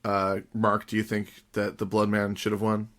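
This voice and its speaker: A man's voice: fairly low pitch, completely flat delivery, moderate pace, fairly bright tone. A man hosting a podcast, chatty and wry, laughing often. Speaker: podcast host. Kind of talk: casual podcast chat.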